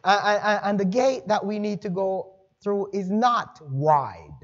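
A man's voice: sits high, animated, slow, muffled recording. A male pastor preaching a sermon in a conversational, folksy way, with chatty asides to the congregation. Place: church sanctuary.

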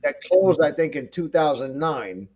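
A man's voice: fairly high pitch, animated, a little slow, darkish tone, slightly rough. A man guesting on a podcast, telling rambling conspiratorial stories with frequent hesitations. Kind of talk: casual conversation.

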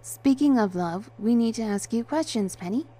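A woman's voice: medium pitch, normal speed, dark tone, close to an everyday voice. A woman voicing a stern, authoritative man who speaks seriously and firmly. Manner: serious and firm. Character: stern authoritative male investigator.

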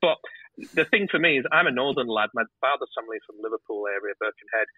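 A man's voice: mid-range voice, expressive, fast, no echo. A man in his fifties with a northern English accent, talking candidly as a guest and swearing freely. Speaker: guest, television director. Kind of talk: casual interview storytelling. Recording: dry, phone-like muffled line.

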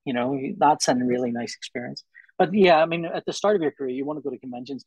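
A man's voice: mid-range voice, quick pace, husky, no room sound, muffled recording. A man, a comic artist and podcast guest, talking casually and acting out little exchanges as he goes. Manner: animated, acts out little dialogues.

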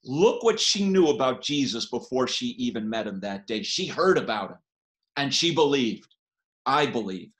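A man preaching a sermon in a church, impassioned, rising to loud cries when he quotes the text. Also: medium pitch, big pitch swings, moderate pace. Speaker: pastor.

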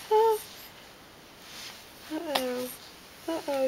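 A woman's voice: high voice, big pitch swings, takes it slowly, long pauses. A mother talking baby talk to her infant at home, coaxing him in a sing-song way and repeating her questions. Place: home, at a changing table. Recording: home video with clear background noise.

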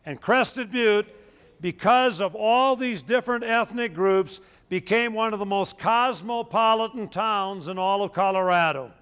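Older man with a high, smooth voice. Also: a little slow, a bit bright. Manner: folksy, anecdotal, joking asides. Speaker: local historian. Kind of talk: storytelling history talk.

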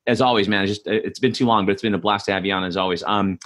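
A man's voice: on the low side, steady tone, very fast, a bit bright. A man hosting a podcast interview, talking in a loose, rambling way with many restarts. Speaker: podcast host. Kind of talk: casual interview conversation.

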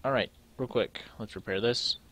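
Sorting through items as he plays, a young let's play gamer thinks aloud in casual commentary. He has a medium-pitched, slightly bright voice and talks at a normal speed.

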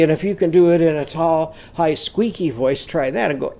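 A man's voice: a little high, expressive, a little fast, few pauses, dark tone. A man teaching a phonics lesson, chanting letter sounds in a sing-song way and explaining the activities.

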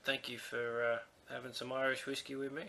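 Bright-voiced man hosting a casual chat. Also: mid-range voice, flat delivery, normal speed, creaky, a little hiss or hum. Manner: stubborn, dry, teasing. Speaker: podcast host. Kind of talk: casual chat, tasting and scoring drinks.

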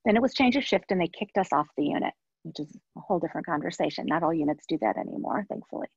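A woman with a husky, breathy voice tells a personal story at a webinar in an earnest way and circles back on her phrases. The sound is dry and a little dull, like muffled webinar audio. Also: lowish voice, animated, fast, no room sound. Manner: earnest storytelling, with repetitions and soft trailing asides. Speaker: webinar speaker and NICU parent. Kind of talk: personal story within a professional talk.

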